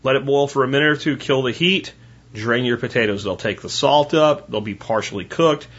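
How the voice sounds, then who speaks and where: Husky man giving folksy cooking tips. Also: mid-range voice, a little fast, fairly bright tone, highs cut off. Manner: folksy, rambling, addresses listeners as folks and guys. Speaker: home cooking teacher. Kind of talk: casual cooking talk.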